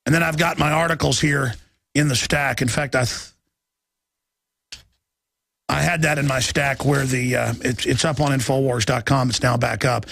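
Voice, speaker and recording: A man hosting a talk radio show, ranting urgently and reading headlines aloud in quick bursts. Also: fairly high pitch, gravelly, fairly bright tone, husky, dry recording. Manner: reads headlines aloud rapidly.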